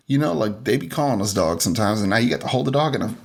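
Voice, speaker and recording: A man's voice: mid-range voice, racing, vocal fry, husky. A man co-hosting a podcast, telling stories in casual chat, acting out quoted voices and swearing freely. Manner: animated, acts out quoted voices. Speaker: podcast co-host.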